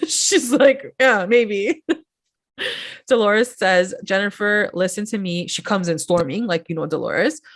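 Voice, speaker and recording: A woman's voice: medium pitch, lively intonation, slow. A woman co-hosting a podcast, chatting casually through a reality-TV recap, acting out quotes and saying "like" a lot. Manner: chatty, acts out quotes, many "like"s, laughs often. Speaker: podcast co-host. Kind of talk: casual pop-culture recap chat.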